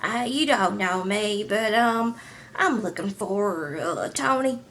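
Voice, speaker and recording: A woman imitating a middle-aged woman with a deep smoker's voice, hushed and menacing. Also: expressive, slow pace, slight background noise. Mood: sheepish.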